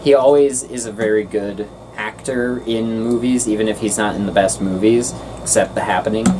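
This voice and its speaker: Woman host, casual film reviewer, deep voice with big swings, heard from a little distance. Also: noisy background. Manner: animated, ranting, quick to get loud.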